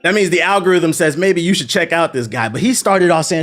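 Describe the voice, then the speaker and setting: A man who makes gaming content, ranting to his chat in an animated, profane and indignant way. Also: on the high side, a little fast, faint music behind.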